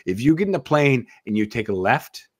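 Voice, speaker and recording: A man's voice: mid-range voice, sing-song, a little fast, breathy edge, dry recording. A man hosting a podcast in casual chat, rambling and swearing, restarting his words often. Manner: rambling, profane, repeats words when starting. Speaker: podcast host.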